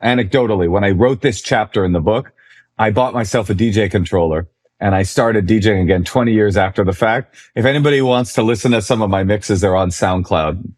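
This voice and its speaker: A man in his forties, a comedian guest, telling a story in a conversation, animated and self-deprecating. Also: lowish voice, a little fast.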